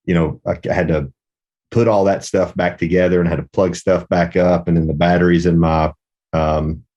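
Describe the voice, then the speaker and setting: Middle-aged male podcast host, very low voice, rambling reflective storyteller. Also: level tone, moderate pace, mellow, dull audio. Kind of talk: casual podcast conversation.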